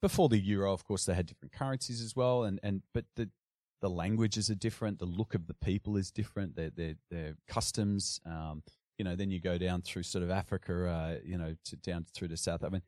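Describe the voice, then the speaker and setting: A man's voice: deep voice, steady tone, brisk, darkish tone, no echo, clean studio sound. A middle-aged Australian man with an Australian accent, chatting as a guest in a rambling way with many restarts. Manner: rambling, frequent restarts and fillers. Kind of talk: casual conversation.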